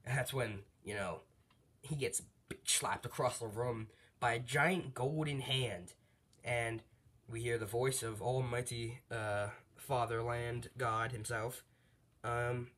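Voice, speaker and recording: A man telling a fan story off the cuff, full of fillers, asides and quick corrections. His voice is husky and ordinary in pitch. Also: steady tone, a bit bright. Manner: rambling, with fillers and laughs. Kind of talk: casual fan story narration.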